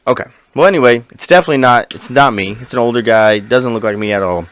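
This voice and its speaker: A man co-hosting a podcast, telling a story in casual chat, animated and profane, acting out the lines of the people in it. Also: medium pitch, fast talker, no echo. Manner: animated, profane, acts out quoted dialogue. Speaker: podcast co-host.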